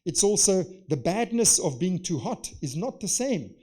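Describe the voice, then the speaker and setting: A man giving an academic conference lecture, lively, posing rhetorical questions and acting out examples. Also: sits high, normal speed, husky. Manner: lively, poses rhetorical questions and acts out scenarios. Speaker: conference speaker. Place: conference session.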